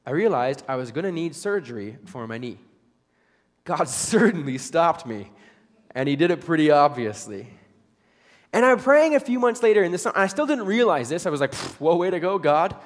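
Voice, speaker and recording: A young man preaches a sermon built around his own story, earnest and a little self-mocking. His voice sits a touch high for a man. It rings out with the long reverb of a big church hall. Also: big pitch swings, normal speed. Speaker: pastor.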